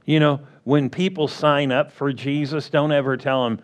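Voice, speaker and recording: A man preaching a sermon as pastor, drawing out words and acting out quick playful quotes. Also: on the high side, fairly even intonation. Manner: slow, drawn-out delivery with playful acted-out quotes.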